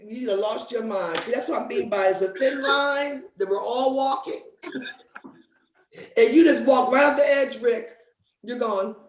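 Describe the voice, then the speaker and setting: A woman co-hosting an online book discussion over a video call, talking in a teasing, emphatic, drawn-out way. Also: fairly high pitch, roomy sound, crowd noise, low-quality recording. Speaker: book club co-host.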